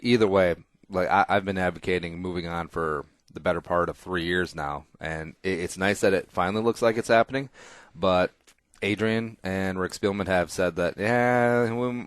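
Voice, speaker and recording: Deep-voiced opinionated male podcast host. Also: dry recording, clean studio sound. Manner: opinionated, emphatic, rambling, swears freely. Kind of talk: casual podcast chat.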